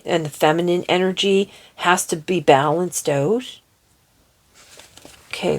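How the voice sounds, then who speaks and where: Lowish voiced woman reading oracle cards, chatty, giggly, reads the card bits out loud. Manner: chatty and giddy, laughs often; slow, careful over unfamiliar words. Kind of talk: casual card reading, reading card texts aloud.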